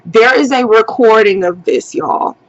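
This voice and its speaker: A woman telling a personal story to her camera in a storytime vlog, profane and animated, acting out her own shouting. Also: a little high, measured pace, no echo. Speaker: vlogger. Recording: dull lo-fi sound.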